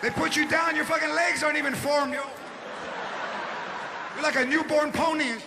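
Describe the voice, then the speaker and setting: A man doing a loud stand-up comedy routine on a theater stage, shouting punchlines, acting out characters and dropping Spanish phrases. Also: very high voice, steady tone, normal speed, long pauses. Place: large theater with live audience. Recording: live show with crowd noise. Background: audience laughter and crowd noise.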